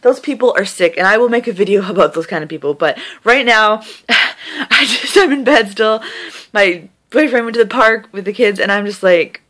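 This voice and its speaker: A woman's voice: mid-range voice, normal speed, fairly bright tone. A young woman talking to camera from bed in an emotional casual vlog, gushing, breathless and repeating herself, with laughs breaking into her words. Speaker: vlogger. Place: in bed at home.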